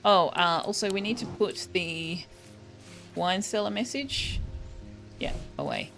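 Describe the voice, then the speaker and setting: Over faint background music, a woman streams a game in an unhurried, fairly low voice that's creaky and a bit bright, with lively intonation. She chats casually, switching between asides and reading the game's text aloud in this let's-play commentary.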